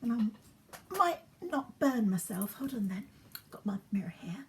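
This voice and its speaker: This is a chatty woman, her voice sitting slightly high. She rambles to the camera while styling her hair at home and keeps dropping into soft, half-whispered asides. The home recording carries a faint hiss. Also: sing-song, normal speed. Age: 50s. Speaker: beauty vlogger. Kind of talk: chatty get-ready-with-me vlog.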